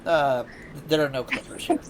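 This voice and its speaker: A man's voice: fairly high pitch, normal speed, noisy background. A man streaming live, chatting casually and telling stories with lots of laughter. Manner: laughs often, animated storytelling.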